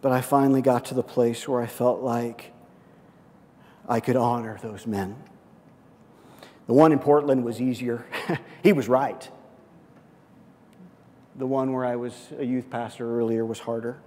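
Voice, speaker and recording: A man preaching a sermon, telling a personal story and slipping into excited, quoted voices. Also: medium pitch, unhurried, pauses often, big-room sound. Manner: storytelling with lively swings into excited quoted speech. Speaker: pastor.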